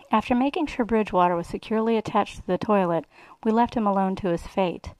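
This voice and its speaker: A woman's voice: medium pitch, quick pace, a little mellow, clear, resonant tone, dry recording, low-quality recording. A woman reading a first-person erotic story aloud in a sly, relishing way. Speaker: reader.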